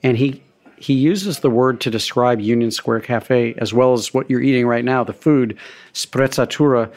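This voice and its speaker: Relaxed middle-aged man telling stories. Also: mid-range voice, moderate pace. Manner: relaxed, anecdotal, self-deprecating. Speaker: restaurateur guest. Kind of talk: conversational storytelling interview.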